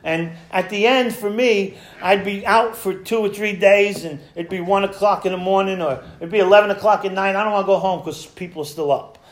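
A man's voice: high voice, brisk, few pauses. A man sharing his personal recovery story at a meeting, talking conversationally, acting out old conversations and chuckling at himself. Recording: echoey room.

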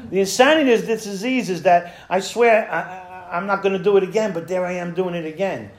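A man's voice: sits high, quick pace, hardly any pauses. A man sharing his personal recovery story at a meeting, talking conversationally, acting out old conversations and chuckling at himself. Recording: echoey room.

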